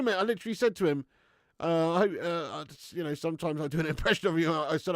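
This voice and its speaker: A man's voice: fairly high pitch, quick pace, no echo, clean studio sound. A young man, chatty and laughing as he hosts a live stream and reads out comments, a bit under the weather with a cold. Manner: chatty, laughing, slangy banter. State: has a cold. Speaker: livestream host. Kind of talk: casual live-stream chat reading comments. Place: home garage.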